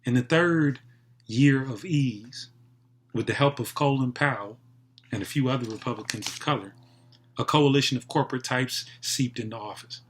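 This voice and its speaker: Man, poetry reading, middle pitch, deliberate pacing, sharp pauses. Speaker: poetry reader.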